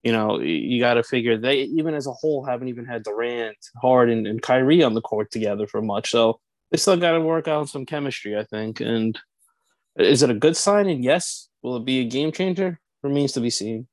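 A young man with a mid-range voice, co-hosting a sports podcast in a measured, casual manner. He poses questions and then answers them himself. The recording is dry and close. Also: mid-range voice, dry recording. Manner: measured, hedging, asks and answers his own questions. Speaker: podcast co-host.

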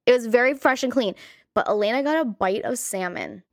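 A woman's voice: on the high side, a little fast, no echo, studio quality. A woman co-hosting a podcast, chatting casually and animatedly about movies, with plenty of "like" in her talk. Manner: animated, chatty, heavy use of "like". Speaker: podcast co-host.

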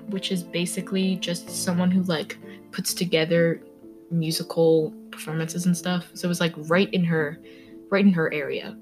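A woman's voice: fairly low pitch, flat delivery, moderate pace. A young woman hosts a laid-back true-crime podcast, chatting through the story with constant fillers. She trips over names as she goes. Faint music sits under her voice. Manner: rambling, filler-heavy, stumbles over names. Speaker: podcast host. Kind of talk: casual true-crime chat.

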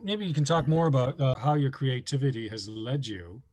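A man's voice: mid-range voice, moderate pace, darkish tone. A man interviewing a guest, asking questions hesitantly with lots of "um" and "uh.". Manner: hesitant, filler-heavy questioning.

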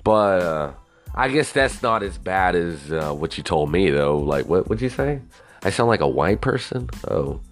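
Low-voiced man rambling profanely. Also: animated, unhurried, faint music behind. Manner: profane, rambling, keeps asking "you know what I mean". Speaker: monologuist. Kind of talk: casual rambling monologue.

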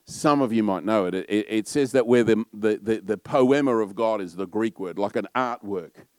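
A middle-aged man with an Australian accent, a pastor preaching a sermon in a loud, warm storytelling manner. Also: lowish voice, normal speed, no room sound.

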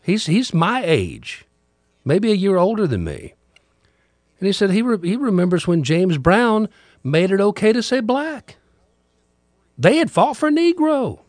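A man's voice: high voice, very animated, unhurried, long pauses, a little mellow, no room sound. A middle-aged man, hosting a podcast and talking through a candid, reflective monologue. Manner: conversational, candid, musing. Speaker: radio host and podcaster.

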